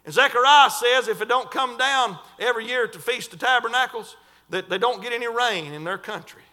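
A man preaching a sermon in a fervent, folksy way, stretching and shouting scripture lines. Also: very high-pitched, a little fast. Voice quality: folksy, colloquial.

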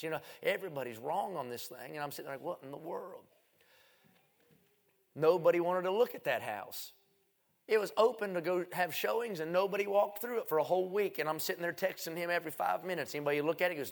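Gravelly preacher man telling a story. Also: a little high, quick pace. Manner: folksy, self-mocking, swings from loud to hushed. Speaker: evangelist. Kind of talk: storytelling revival sermon.

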